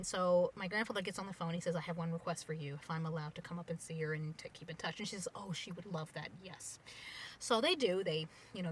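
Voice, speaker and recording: A young woman casually telling a family story, animated and getting loud and excited at the dramatic parts. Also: fairly low pitch, slight background noise.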